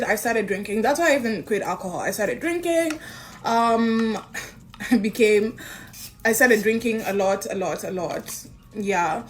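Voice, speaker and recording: A woman telling a personal story in a casual way, acting out the lines of the people she quotes. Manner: animated, acts out quoted dialogue with big pitch jumps. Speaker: guest recounting a personal story.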